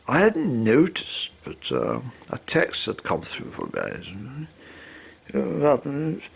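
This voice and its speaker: A man telling a long rambling story about his own life. His voice is gravelly and husky, and it swings up and down a great deal as he goes. He swears now and then. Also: fairly low pitch.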